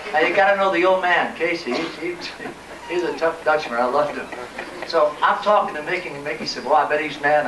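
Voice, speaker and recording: An elderly man, a retired ballplayer, telling an animated anecdote at a live event and acting out the voices in it. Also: on the high side. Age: older. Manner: animated, acts out voices in his story. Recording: echoey room, distant mic, clear noise.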